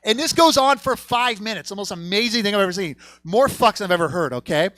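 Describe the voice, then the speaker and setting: A man doing a stand-up set on a comedy theater stage, profane, swinging from low mutters to loud punchlines. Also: animated, fast talker, dry recording.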